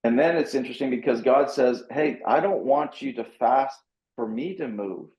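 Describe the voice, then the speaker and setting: A man's voice: medium pitch, normal speed, muffled recording. Man recounting scripture in a roomy echo. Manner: lively, self-mocking, acts out his own reactions. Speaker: pastor and author, guest. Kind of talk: animated conversational storytelling, reading scripture aloud.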